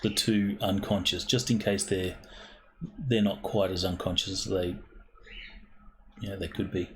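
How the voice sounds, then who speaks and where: A man narrating as game master in a tabletop game, deliberate and full of ums. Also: sits low, steady tone, a bit bright, low-quality recording.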